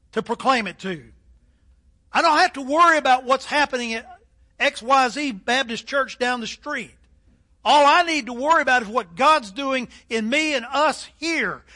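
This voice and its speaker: Older preacher, high bright voice. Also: male voice, animated, moderate pace. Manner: emphatic preaching with rising and falling delivery. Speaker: pastor. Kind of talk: sermon.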